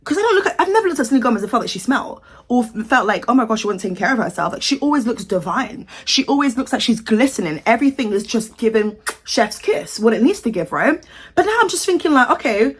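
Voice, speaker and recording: A woman's voice: on the high side, sing-song, fast talker, slightly rough. A young British woman from the UK giving sassy, outraged celebrity commentary in a casual vlog, with exaggerated reactions. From United Kingdom. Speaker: commentary vlogger.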